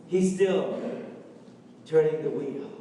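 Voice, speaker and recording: A pastor preaching a sermon, with rising, sing-song emphasis and lots of repetition, recorded in a church. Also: male voice, fairly high pitch, slow, dark tone, a little hiss or hum. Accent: Canadian. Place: church sanctuary. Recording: echoey hall from far off.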